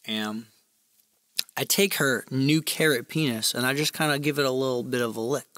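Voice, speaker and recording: A man's voice: mid-range voice, moderate pace, a bit bright, no room sound, studio quality. A man telling a crude, rambling comedic story in a casual ASMR storytelling style.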